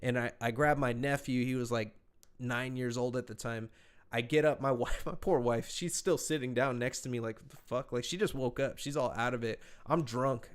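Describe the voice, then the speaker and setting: A man's voice: mid-range voice, clear, resonant tone. A man telling a rambling, profane travel story in casual podcast chat. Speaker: podcast host.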